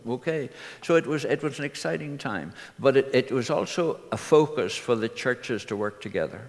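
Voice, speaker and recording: A man's voice: medium pitch, expressive, moderate pace, gravelly. An older man, a minister earnestly telling personal stories to his congregation. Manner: earnest anecdotal storytelling. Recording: reverberant hall.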